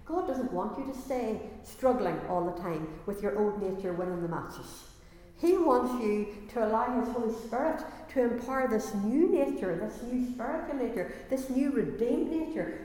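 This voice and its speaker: A woman's voice: fairly high pitch, a little mellow. Lady preaching, earnest, keeps restarting bits, big echo like a church hall. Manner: earnest, repeats and restarts phrases, rises in intensity. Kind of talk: sermon. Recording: very echoey hall reverb.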